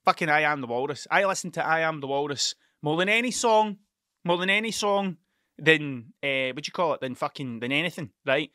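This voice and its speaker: A man's voice: on the high side, expressive, a little fast, bright, forceful tone, no echo, studio quality. A man hosting a podcast, rambling through a casual monologue, swearing freely and stumbling over his words. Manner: rambling, sweary, stuttering storyteller. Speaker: podcast host.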